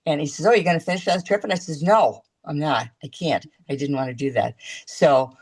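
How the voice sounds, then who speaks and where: A woman talking as a guest in a casual video-call chat, chatty and halting, restarting her sentences often. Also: deep voice, darkish tone, husky.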